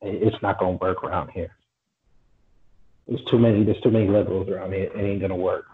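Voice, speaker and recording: A man's voice: low-pitched, steady tone, fairly quick, phone-quality sound. A man co-hosting a casual podcast, blunt, teasing and opinionated. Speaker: co-host.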